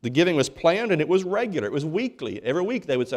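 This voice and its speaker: A man's voice: fairly high pitch, big pitch swings, racing, a little mellow. A man preaching a sermon as pastor, folksy and emphatic, often restarting his words. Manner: folksy, emphatic preaching with many repeated starts. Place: church.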